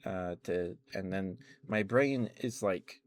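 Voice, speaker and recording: ASMR streamer, man, lowish voice, soft rambling chat with giggles, close mic. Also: takes it slowly. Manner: rambling, laughs often, greets chat warmly. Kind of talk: soft-spoken chatty storytelling stream.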